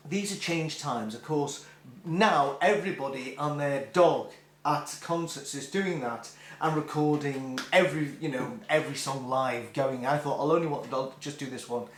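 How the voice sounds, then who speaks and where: A man's voice: on the high side, roomy sound, a little hiss or hum. A middle-aged man telling a rambling, self-deprecating concert story with many restarts. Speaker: music vlogger. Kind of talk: casual storytelling.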